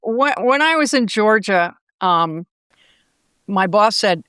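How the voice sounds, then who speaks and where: An older woman, a former sportscaster, telling lively anecdotes as an interview guest and acting out the voices she quotes. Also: mid-range voice, takes it slowly, smooth, no echo. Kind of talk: casual interview storytelling.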